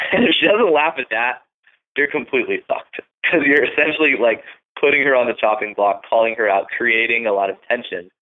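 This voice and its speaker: A man hosting a dating-advice podcast, talking bluntly and casually with plenty of swearing, acting out pickup lines as he goes. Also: mid-range voice. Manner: profane, blunt, acts out lines in quick asides. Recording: phone-like narrow band.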